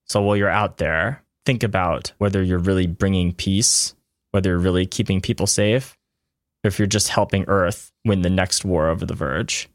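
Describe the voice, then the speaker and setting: A man voicing a world-weary, condescending former comrade in a tabletop game, speaking in a measured way. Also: deep voice, fairly even intonation, no room sound, clean studio sound. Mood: grave.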